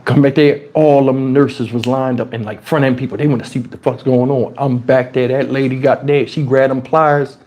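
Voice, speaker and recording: A man telling a story on a livestream in an animated, profane way, his pitch swinging dramatically, on a lapel mic. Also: normal speed, hardly any pauses. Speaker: storytime streamer. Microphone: wireless lapel mic.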